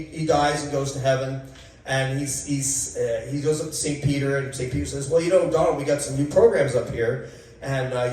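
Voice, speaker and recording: A man doing stand-up jokes at a coffee shop, halting with many fillers and restarts. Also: mid-range voice, darkish tone. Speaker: stand-up comedian. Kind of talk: open-mic joke telling. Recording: echoey room, mic far off.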